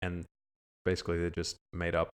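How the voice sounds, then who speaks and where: A man's voice: low voice, completely flat delivery, brisk, clean tone. A man co-hosting a podcast who reviews cartoons in casual chat with crude, sarcastic jokes. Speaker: podcast co-host.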